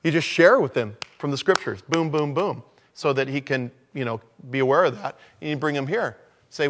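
A man with a somewhat high voice delivers a conversational sermon. He talks casually, slipping into quiet asides before he swells into loud, drawn-out lines for emphasis. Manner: conversational preaching, swings between low murmurs and loud emphatic lines. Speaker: preacher. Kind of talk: sermon on evangelism.

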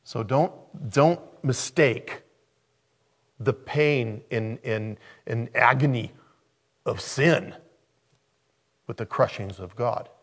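A man's voice: mid-range voice, slow, pauses often, slightly rough. A man preaching a sermon as a pastor, emphatic and repeating key phrases for weight.

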